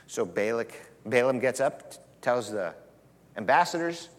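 A male pastor who retells a scripture story in an animated, joking manner during a sermon. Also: mid-range voice, a little slow, big-room sound.

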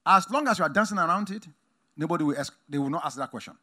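A male preacher delivering a sermon at a conference, with a somewhat high voice that swings widely in pitch. His delivery is emphatic, moving from loud exclamations to quiet asides. His tone is bright and forceful. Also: animated, quick pace. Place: conference hall.

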